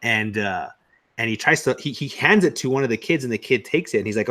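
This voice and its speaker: A man with a Texan accent hosts a casual conversation among friends. He talks in a storytelling way, animated and easygoing, often dropping a friendly "man.". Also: medium pitch, brisk. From Texas. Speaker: podcast host. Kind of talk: casual chat.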